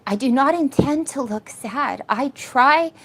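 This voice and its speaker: A woman's voice: sits high, expressive, a little slow, fairly bright tone. A middle-aged woman on a casual phone livestream, teary from crying and rambling emotionally to her viewers. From Canada. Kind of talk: casual live-stream chat. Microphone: cheap phone.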